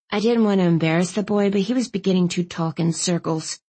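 A woman narrating a first-person audiobook in a wry, even storytelling manner. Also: fairly low pitch, brisk, husky.

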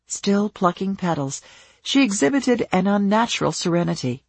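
An expressive narrator with a lively, rising and falling pitch that keeps the story moving. The voice has a soft, breathy grain, recorded close and dry with no room sound. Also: normal speed, no echo. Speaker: audiobook narrator. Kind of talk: scripted narration.

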